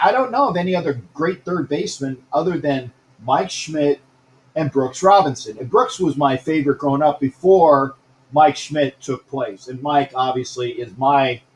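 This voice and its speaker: A man's voice: medium pitch, roomy sound, rough recording. A man hosting a casual live-streamed sports talk show, rambling, repeating himself and greeting viewers by name.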